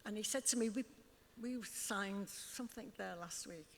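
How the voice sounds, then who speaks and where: In front of a club audience, an older Liverpool woman tells stories as an interview guest, often laughing as she acts out what others said. Her medium-pitched voice moves at a normal speed, and the recording has long hall reverb plus a little hiss or hum.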